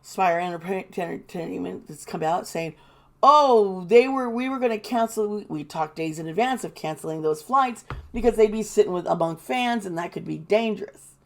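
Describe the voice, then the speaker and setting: A woman's voice: on the low side, normal speed, vocal fry. A woman giving casual, indignant commentary, swearing and mocking the people she quotes. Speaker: tarot reader and commentator.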